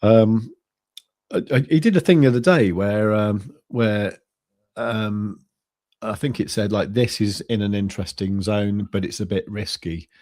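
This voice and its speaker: Low-voiced man rambling casually. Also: darkish tone, dry recording, clean studio sound. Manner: rambling, halting, many restarts and fillers. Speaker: co-host of a crypto trading stream. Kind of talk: casual chat.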